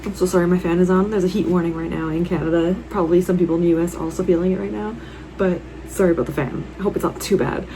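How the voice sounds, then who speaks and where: A woman vlogging her reactions while reading, gushing and excitable. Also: fairly low pitch, quick pace, a little hiss or hum. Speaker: book vlogger. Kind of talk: casual reading vlog reactions. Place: at home in a warm room.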